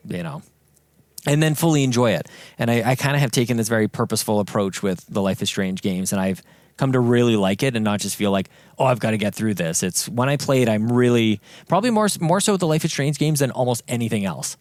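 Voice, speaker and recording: A man's voice: mid-range voice, quick pace, a little mellow, no echo, studio quality. A young man co-hosting a gaming podcast, chatting casually with frequent fillers and easy laughter. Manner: laughs easily, hesitant with fillers. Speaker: podcast co-host. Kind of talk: casual chat.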